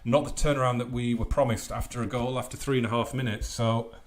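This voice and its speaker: A young man hosting a let's play, commentating a football management game with mumbled asides and sudden loud outbursts. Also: mid-range voice, fairly even intonation, fast talker. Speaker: gaming channel host.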